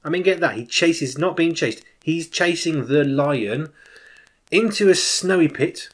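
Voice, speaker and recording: A man in his forties, a children's minister, giving an informal, animated personal testimony as a sermon, with emphatic swings in loudness. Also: a little high, a little slow, husky.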